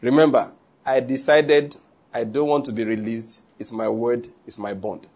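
A steady, resolute businesswoman who keeps her word, as a male preacher puts her on. The voice is husky, low and quiet. The man only lightly changes his own voice for her. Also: moderate pace, lightly acted. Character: determined wealthy businesswoman, older.

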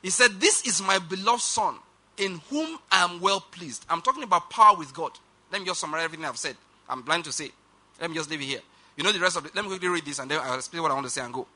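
A man preaching a sermon, reading scripture aloud and slowing down to stress key lines while urging the congregation to respond. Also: high-pitched, lively intonation, pushed and bright. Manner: reads scripture aloud, slows for emphasis, urges the congregation.

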